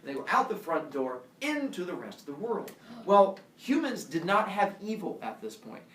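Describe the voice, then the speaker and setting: A male teacher tells a myth to his class with a lively, swooping delivery. He is caught by a camera across a roomy classroom, so he sounds distant and echoey. Faint room noise sits behind him. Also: high-pitched, normal speed. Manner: animated, acts out every voice. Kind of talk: animated myth storytelling to a class. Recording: roomy classroom heard from afar.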